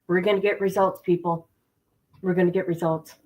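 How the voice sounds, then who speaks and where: A middle-aged woman hosts a livestream, chatting casually and speaking straight to viewers, repeating points for emphasis. Her lowish voice is a little mellow, flat, and fairly quick, and the recording is rough.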